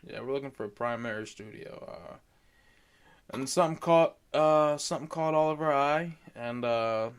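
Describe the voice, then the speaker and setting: A man's voice: medium pitch, normal speed, smooth. A man co-hosting a podcast from home, chatting loosely and rambling with some self-deprecating jokes. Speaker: podcast co-host. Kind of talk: casual chat. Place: home computer chair, recording remotely.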